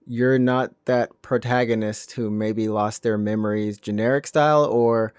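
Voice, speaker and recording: A man with a mid-range voice co-hosts a relaxed game podcast. He asks questions and fills in with quick short replies and murmurs of agreement. The recording is close and dry. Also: medium pitch, clean tone, dry recording. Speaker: podcast co-host. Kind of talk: casual chat about video games.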